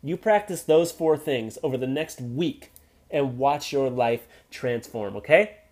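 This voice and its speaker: A man hosting a motivational solo podcast, talking emphatically and checking in with the listener, with his pace speeding up and slowing down and his volume swinging between loud and soft. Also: mid-range voice, animated. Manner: emphatic, repeats "right?" to the listener. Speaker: podcast host.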